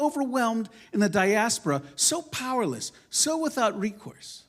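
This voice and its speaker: A man's voice: very high voice, very animated, moderate pace, hardly any pauses. Male rabbi, sermon in a synagogue; emphatic, wide-ranging delivery, wry storytelling. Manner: impassioned, emphatic, swinging between loud declarations and quiet asides; conversational storytelling with self-deprecating humor. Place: synagogue sanctuary.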